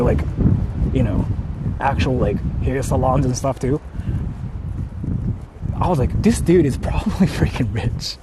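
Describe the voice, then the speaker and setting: A man's voice: a little high, heavy background noise. A man streaming live while walking outdoors, chatting casually and rambling between laughs as he reads out viewer donations.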